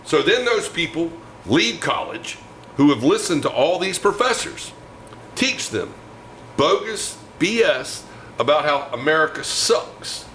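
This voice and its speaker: A man's voice: fairly high pitch, very animated, a little slow, a bit bright, a little hiss or hum, poor audio. A man co-hosting a political talk show, delivering angry, emphatic rants.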